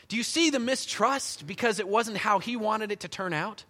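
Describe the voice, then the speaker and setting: A pastor delivers a conversational, animated sermon, storytelling as he goes. His voice is higher than most men's and bright, with a forceful edge. A long reverb from the sanctuary trails behind him. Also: moderate pace. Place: church sanctuary.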